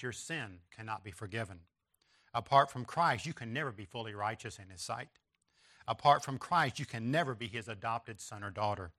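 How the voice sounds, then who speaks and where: Bright-voiced man preaching a sermon. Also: mid-range voice. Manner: emphatic repetition with rising stress on key phrases; references an outline and slides to listeners.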